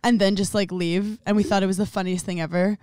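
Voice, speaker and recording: A woman's voice: mid-range voice, steady tone, fast talker, darkish tone. A young woman from Brooklyn, a comedian and podcast guest, chatting candidly and joking. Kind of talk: casual chat.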